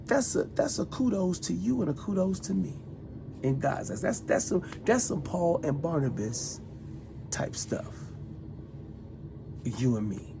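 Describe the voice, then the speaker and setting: Middle-aged guy going off at someone, super raspy and gravelly, kinda high, repeats himself a lot. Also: sing-song, a little slow, noisy background. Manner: accusatory, repeats himself, swings between loud and hushed. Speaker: retired soldier vlogger. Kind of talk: heated monologue addressed to one person.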